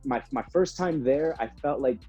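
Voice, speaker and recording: A young man, a professional wrestler telling stories in a casual interview, animated and full of fillers. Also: mid-range voice, normal speed. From Puerto Rico. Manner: animated, acts out voices, many fillers. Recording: dull slightly lo-fi sound, faint music.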